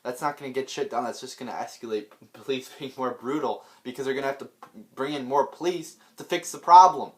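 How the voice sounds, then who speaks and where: A man's voice: medium pitch, fairly quick. Rambling, stammering man ranting. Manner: rambling, with many restarts and stammered repeats; blunt and profane. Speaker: political vlogger. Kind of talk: unscripted rant.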